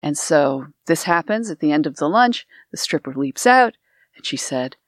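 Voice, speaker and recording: A woman co-hosting a podcast, telling stories in a casual, animated way and laughing often. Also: low-pitched, moderate pace, no echo, studio quality. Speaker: podcast co-host. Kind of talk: casual chat.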